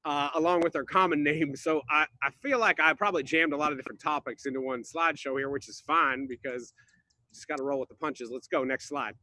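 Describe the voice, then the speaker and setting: A man's voice: fairly high pitch, fast talker, bright, forceful tone, dry recording. A man playing Greg, a goofy drywall installer, rambling and confused through an improvised comic slideshow on a video call. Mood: puzzled. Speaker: presenter in a slideshow game.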